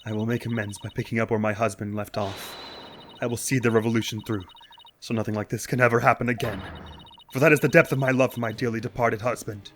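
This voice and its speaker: A man voicing a grave, resolute widowed noblewoman in a game let's play, with a lowered delivery. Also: steady tone, fast talker, a little hiss or hum, close to an everyday voice. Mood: solemn.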